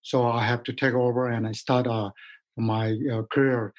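Halting man from Nepal, guest. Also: mid-range voice, little pitch movement, lo-fi sound. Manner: halting, many fillers, simple grammar. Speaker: mountaineer guest. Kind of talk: interview answers.

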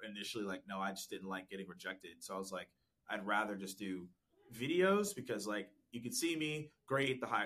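Fast-talking bright-voiced man. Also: lowish voice. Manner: laughs often, animated and talkative. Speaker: podcast guest, sales professional. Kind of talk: casual interview chat. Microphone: desk mic with content gear.

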